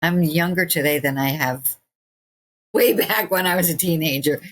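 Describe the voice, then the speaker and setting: Lively woman in her sixties telling stories. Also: low-pitched, normal speed. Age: 60s. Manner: animated, acts out quoted voices, laughs often. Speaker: guest, stretching teacher. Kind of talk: casual interview storytelling.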